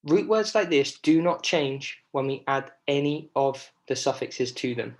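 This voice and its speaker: A man's voice: mid-range voice, expressive. A male primary school teacher giving a recorded spelling lesson, patient and encouraging, stretching out syllables and checking in with the children. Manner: slow, patient, stretching out syllables to demonstrate stress.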